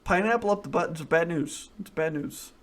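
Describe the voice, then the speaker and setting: A man's voice: fairly high pitch, normal speed, a crowd in the background. A man co-hosting a casual podcast, rambling through crude jokes with lots of restarts. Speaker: podcast co-host. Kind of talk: casual chat, crude joke telling.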